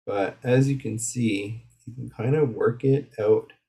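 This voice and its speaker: A man's voice: mid-range voice, measured pace, creaky, warm tone, husky. A man hosting a live coloring stream, chatting casually and rambling from his craft desk. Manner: rambling and chatty, with many fillers and asides.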